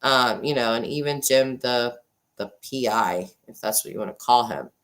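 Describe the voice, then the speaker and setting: With an extremely low-pitched voice at a moderate pace, a woman in her forties hosts a casual livestream and chats, thanking her viewers. Her mood swings between excited and subdued, and the desk microphone she uses is sometimes glitchy.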